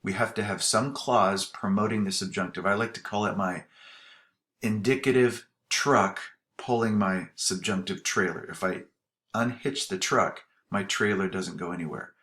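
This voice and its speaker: Male Spanish teacher, lowish voice, patient explainer for a recorded grammar lesson. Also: moderate pace, fairly bright tone. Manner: explains patiently with spoken examples. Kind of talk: grammar tutorial.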